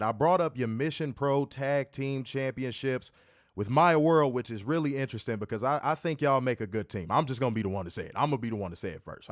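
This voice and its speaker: Guy hosting an interview like a hype man, loud and playful, dead dry mic. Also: medium pitch, no echo. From not from the South, city raised. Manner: playful hype-man patter, repeats himself. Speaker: interview host. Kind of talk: hyped casual interview.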